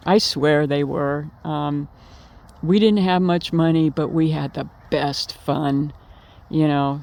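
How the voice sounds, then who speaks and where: A woman's voice: low voice, darkish tone. A woman casually telling a personal memory to her viewers, rambling with fillers and restarts and laughing now and then. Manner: laughs while telling stories. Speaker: vlogger remembering her late partner. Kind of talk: casual storytelling.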